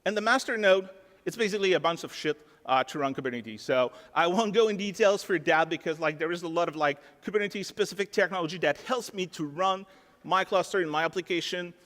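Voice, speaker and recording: A man with a French accent walks a conference audience through a live technical demo in an easygoing, chatty way. His voice sits a little high, and he fills his sentences with casual fillers. The sound rings with the long reverb of a large ballroom. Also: brisk, a bit bright. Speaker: conference speaker.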